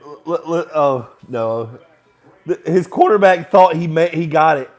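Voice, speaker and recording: A young man hosting a casual live sports chat, rambling between opinions and reacting loudly to plays as he watches. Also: a little high, unhurried. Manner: rambling, excitable, shouts and laughs at plays. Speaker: sports show host.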